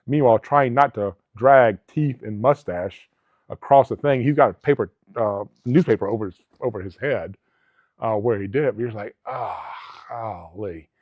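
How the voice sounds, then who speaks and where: This Alabama guest, a middle-aged ex-police officer and travel agency owner, speaks in a mid-range voice at normal speed. Earnest and rambling, he restarts often while telling stories in a casual interview. There's no room sound, just a dry, tinny, phone-like quality.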